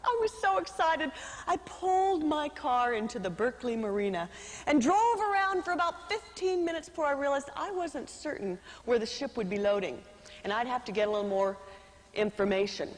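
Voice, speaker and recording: A woman's voice: sits high, animated, moderate pace. A woman giving a speech to a live audience, telling a dramatic story with acted-out voices. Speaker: motivational speaker. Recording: reverberant hall.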